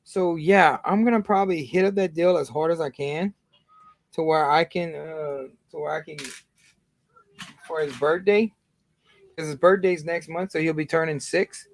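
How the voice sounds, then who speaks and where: A man's voice: fairly high pitch, normal speed. Rambling man hosting a livestream. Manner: rambling, many fillers and restarts. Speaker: livestream host. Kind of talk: casual livestream chat.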